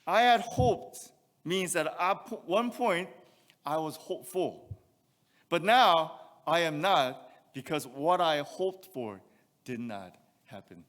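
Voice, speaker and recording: A man's voice: on the high side, lively intonation, slow pace, a bit bright, in a large hall. A male pastor preaching a sermon, reading scripture aloud and asking rhetorical questions. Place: church sanctuary.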